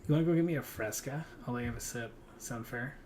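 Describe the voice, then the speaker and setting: A man's voice: mid-range voice, fast talker, darkish tone, a little hiss or hum. Young man gamer, loose rambling chat with cursing. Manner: rambling, swears freely, talks to players and his kid. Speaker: gaming streamer. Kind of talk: casual chat while playing a hunting game.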